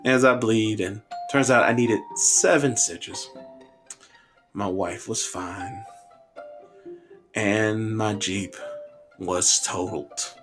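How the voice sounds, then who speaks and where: Lively low-voiced man telling stories. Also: slow, long pauses, over music. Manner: animated, humorous, conversational. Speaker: podcast storyteller. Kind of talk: personal storytelling.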